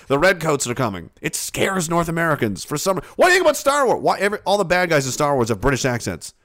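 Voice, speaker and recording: A man's voice: on the high side, sing-song, fast talker, hardly any pauses, fairly bright tone. A man hosting a reaction video, rambling and joking with casual profanity.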